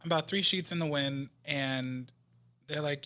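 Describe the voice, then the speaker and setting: A man from New Jersey, an R&B singer, telling stories as a guest in a casual interview, animated and laughing often. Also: a little high, normal speed.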